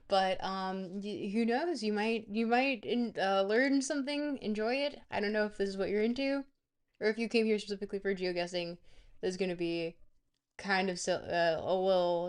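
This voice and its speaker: A woman streamer in loose, casual chat mode. She rambles, cracks jokes and talks straight to her viewers at a middle pitch. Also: smooth. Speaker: livestream host.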